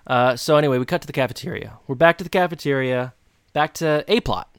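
Male podcast co-host, mid-pitched, close and dry; retells scenes in quick, lively bursts. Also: smooth, dry recording. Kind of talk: casual chat recapping TV episodes.

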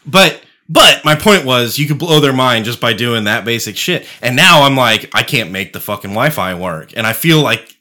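A man's voice: medium pitch, lively intonation, normal speed, bright, forceful tone. A middle-aged man co-hosting a podcast, telling rambling, profane stories in casual chat. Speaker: podcast co-host.

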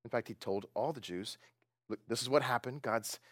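A man's voice: medium pitch, moderate pace, no echo, studio quality. A man preaching a casual sermon, retelling a Bible story with jokes and acting out the quoted lines. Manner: animated, joking, acts out quoted lines. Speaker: pastor.

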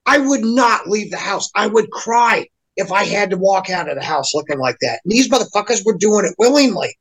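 A man's voice: high-pitched, animated, fairly quick, fairly bright tone, slightly rough, rough recording. A man in a casual podcast chat, ranting heatedly with constant swearing and mocking impressions of other people. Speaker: podcast guest. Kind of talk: profane casual rant.

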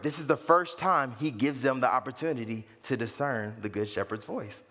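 A man preaching a sermon as pastor, animated and leaping to high excited pitch for emphasis. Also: moderate pace, few pauses. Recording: long reverb of a large hall.

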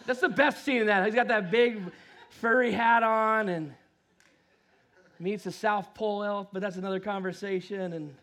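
High-voiced preacher swinging hushed to loud. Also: male voice, fairly even intonation, normal speed. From United States. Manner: acts out voices in his stories. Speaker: pastor. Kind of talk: sermon.

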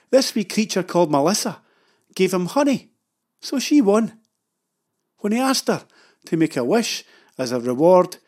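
A Scottish man tells a funny story from his own life in a dry, wry voice, poking fun at himself. His voice sits a little higher than most men's. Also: darkish tone. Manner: dry, wry, self-mocking. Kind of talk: humorous storytelling narration.

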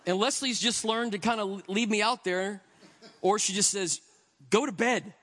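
A man preaches a sermon in an earnest, conversational way, moving between quiet reflection and emphatic stretches. His voice sits high with a steady tone at normal speed.

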